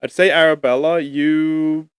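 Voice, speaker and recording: A man acting as game master, chatty and quick to laugh as he narrates. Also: on the high side, level tone, clear, resonant tone, no room sound, studio quality. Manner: chatty, laughs often, many restarts.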